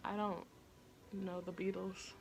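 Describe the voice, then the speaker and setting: A woman in her thirties co-hosting a casual chat, wry and teasing with deadpan jokes. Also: mid-range voice, slow, creaky, slight background noise. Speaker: podcast co-host.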